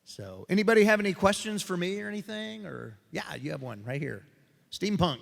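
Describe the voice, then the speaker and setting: Brief: male voice actor on a panel, fairly high and very lively delivery, reverberant hall. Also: fairly quick, vocal fry. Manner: animated, joking storyteller who acts out quoted voices. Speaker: voice actor convention panel guest. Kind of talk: convention panel storytelling and Q&A. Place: convention panel room on a stage.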